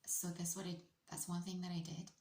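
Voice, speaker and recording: A British woman from the UK telling a personal story in a playful, casual way, often dropping into hushed, whispery asides. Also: on the low side, little pitch movement, brisk, echoey room. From United Kingdom.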